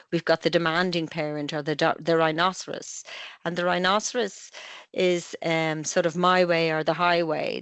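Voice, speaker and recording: A middle-aged Irish woman, a family psychotherapist, calmly explaining parenting ideas with analogies in an online webinar. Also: low voice, clean tone, no echo. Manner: calm, measured explaining with analogies.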